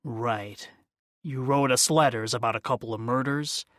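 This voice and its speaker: Guy doing a straight-talking cop asking questions, brisk, mid pitch, dry close mic. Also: fairly bright tone, no echo, close to an everyday voice. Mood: businesslike. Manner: brisk, matter-of-fact questioning. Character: no-nonsense police detective. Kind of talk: audiobook character voice.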